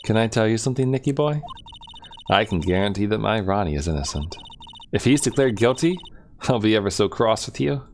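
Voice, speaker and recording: A man's voice: lowish voice, expressive, brisk, darkish tone, faint music behind, voice pushed up. A man voicing a flirty, sugary woman who coos in a sing-song way.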